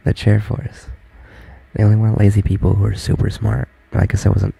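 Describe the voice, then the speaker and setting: A young man talking in soft, halting whispers in a whispered role-play stream, from his barracks room. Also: fairly low pitch, monotone, creaky, breathy edge.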